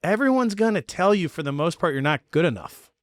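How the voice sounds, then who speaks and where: A man hosting a podcast, telling a story in a casual chat and acting out the quotes with lively energy. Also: high voice, a little fast, no echo, clean studio sound. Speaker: podcast host.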